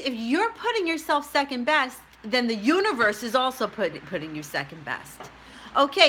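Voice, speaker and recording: A woman's voice: a little high, pushed and bright, a little hiss or hum. A middle-aged woman telling a personal story to camera in a chatty, rambling way, often laughing at herself. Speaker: tarot reader and spiritual vlogger.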